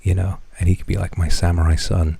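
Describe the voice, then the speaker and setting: A man streaming in a casual chat, talking in a hushed half-whisper, rambling and swearing casually. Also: low-pitched, level tone, fast talker, gravelly, slightly rough, no echo. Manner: profane, self-deprecating.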